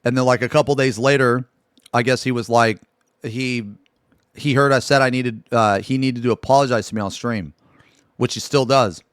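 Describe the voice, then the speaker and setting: A male streamer talking to his chat in a loose, cursing ramble, circling back and restarting his sentences as he goes. His voice sits at an ordinary middle pitch for a man. It is recorded close and dry, with no room sound. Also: fairly even intonation, normal speed, clear, resonant tone, no echo. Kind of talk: casual live-stream storytelling.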